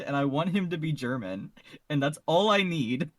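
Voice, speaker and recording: A man's voice: a little high, animated, moderate pace, a bit bright, no room sound. A man co-hosting a podcast in casual discussion, talking eagerly and laughing easily. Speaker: podcast co-host.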